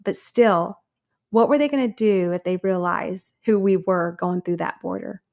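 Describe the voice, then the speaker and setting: A woman's voice: mid-range voice, moderate pace, creaky, darkish tone. A woman in her thirties, a guest in an interview, telling her own story earnestly and acting out the people she quotes. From United States.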